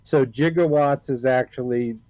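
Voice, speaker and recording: A man's voice: medium pitch, normal speed, warm tone, no echo. A man joining a casual group chat from a call, explaining things in a know-it-all way. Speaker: call-in guest. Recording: dull muffled call audio.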